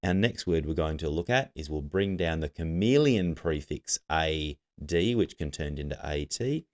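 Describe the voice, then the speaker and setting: A man's voice: a bass voice, expressive, normal speed, a little mellow. A man teaching a recorded literacy lesson, giving patient step-by-step instructions to students.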